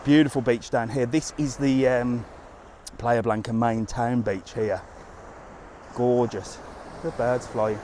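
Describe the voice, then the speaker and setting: A man's voice: mid-range voice, fairly even intonation, slow pace, darkish tone, a little hiss or hum. A man livestreaming as a travel vlogger, chatting bluntly and casually while he walks along a seafront outdoors, talking into a handheld phone. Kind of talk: casual live walking stream.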